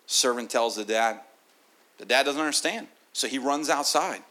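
With a medium-pitched voice and moderate pace, a visiting preacher delivers a church sermon built around a story. His energetic telling gives way at times to quiet, sincere asides.

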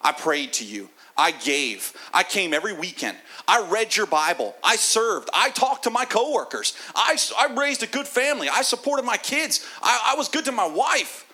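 Man acting as an indignant older son, loud high outbursts, very bright and tense, wide swings. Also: big pitch swings, takes it slowly, full character voice. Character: exasperated older son, a hardworking grown man protesting loudly.

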